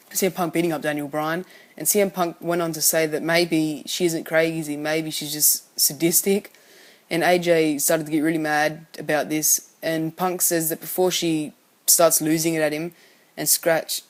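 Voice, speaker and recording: A man giving a casual spoken recap of a wrestling show, rambling and often correcting himself as he goes. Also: a little high. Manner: rambling, frequently self-correcting.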